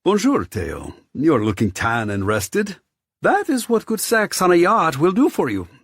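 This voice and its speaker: A man's voice: on the high side, wildly swooping pitch, measured pace, breathy edge, dry recording, studio quality, pitched above the performer's own voice, full character voice. A man voicing a flamboyant, effusive male host with a sing-song, theatrical delivery in an audiobook. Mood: gushing. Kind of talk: audiobook character voice.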